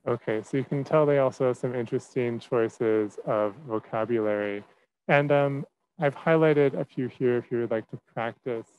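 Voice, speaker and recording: A young man presenting to a class as a teaching fellow, relaxed, with many fillers and restarts. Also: mid-range voice, normal speed, smooth, highs cut off.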